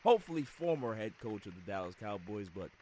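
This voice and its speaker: A man hosting a sports podcast in casual talk, emphatic and animated, often repeating words as he builds a point. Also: fairly low pitch, fast talker, slight background noise. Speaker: podcast host.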